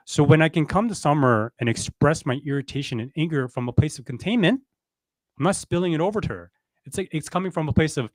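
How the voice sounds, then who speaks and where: A man's voice: mid-range voice, dry recording. A man co-hosting a relationship podcast, talking casually and reflectively, explaining ideas with everyday examples and checking in with "right?". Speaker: podcast co-host. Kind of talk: casual relationship coaching talk.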